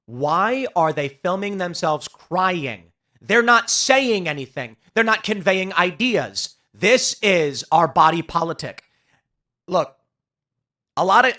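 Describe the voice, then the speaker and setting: A man's voice: high voice, bright, forceful tone. A man hosting a political commentary show, talking in an emphatic, sarcastic ranting way. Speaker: host.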